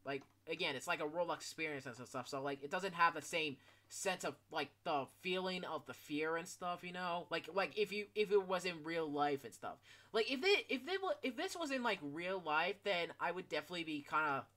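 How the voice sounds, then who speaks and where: Rambling bright-voiced teen gamer. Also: mid-range voice. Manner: rambling, filler-heavy, swears casually. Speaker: gaming YouTuber. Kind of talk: casual gameplay commentary.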